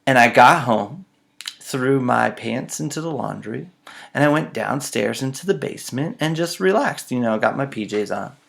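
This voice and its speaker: Gravelly man telling funny stories. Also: medium pitch, expressive, normal speed, fairly bright tone. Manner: self-mocking, dramatic storytelling. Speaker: storyteller. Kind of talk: casual personal storytelling.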